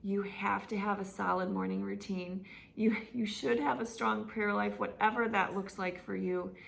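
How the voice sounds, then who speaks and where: A middle-aged woman, an online fitness coach, giving her members a heartfelt update and telling a personal story in an earnest, gently emotional way. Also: mid-range voice, steady tone, normal speed, gravelly.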